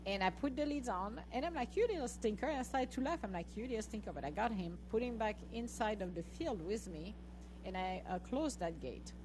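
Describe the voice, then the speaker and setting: A woman's voice: medium pitch, moderate pace, background noise. Laughing woman host telling a story. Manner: animated, laughing, acts out her own lines to the dogs. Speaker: podcast host. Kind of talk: casual storytelling chat.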